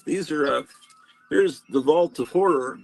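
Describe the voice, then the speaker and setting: Gravelly-voiced man chatting on a livestream. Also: a little high, unhurried, soft background music, rough recording. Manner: rambling, chatty, self-deprecating. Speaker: live stream host. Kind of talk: casual live-stream chat. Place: home room stacked with comics.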